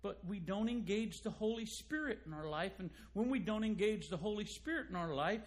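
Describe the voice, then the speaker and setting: Male pastor preaching, higher-pitched voice, emphatic and building to loud peaks. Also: moderate pace, hardly any pauses. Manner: emphatic preaching, rising loud on key points. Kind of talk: sermon.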